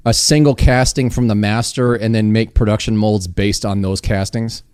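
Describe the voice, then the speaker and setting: An American man hosting a casual interview podcast, chatty and eager, firing off quick questions and reactions. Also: fairly low pitch, fairly even intonation, a little mellow, smooth, no room sound, studio quality. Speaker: podcast host.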